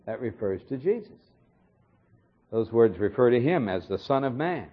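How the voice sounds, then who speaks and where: A man gives a verse-by-verse sermon, calm and explanatory, now and then pausing on a filler. His voice is husky, and his pitch moves a lot through each sentence. The recording sounds dull and lo-fi. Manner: measured, explanatory, with occasional fillers. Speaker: Bible teacher. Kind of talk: expository sermon.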